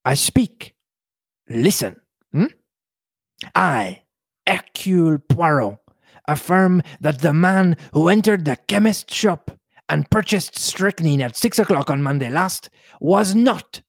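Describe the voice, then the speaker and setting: A man's voice: on the high side, no echo, clean studio sound. A man voicing a fussy, pompous older Belgian detective with a theatrical French-tinged delivery, tagging lines with a questioning hmm.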